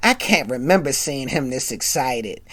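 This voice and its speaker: A woman's voice: very deep voice, lively intonation, moderate pace, pitched below the performer's own voice. A woman voicing a sassy young college woman who teases her friends. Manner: sassy, teasing.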